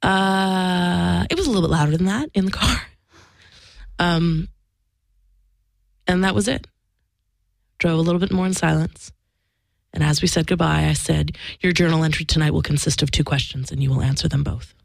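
A woman's voice: on the low side, moderate pace, creaky, pauses often, no room sound. A woman telling a personal story in frank, casual conversation, swearing freely and acting out the lines of the people in it. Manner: frank and emphatic, swears freely, acts out quoted dialogue.

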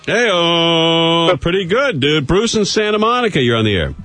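A man hosting a live call-in radio show, brisk and wisecracking. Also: sits high, very animated, a bit bright, soft background music. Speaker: radio talk show host.

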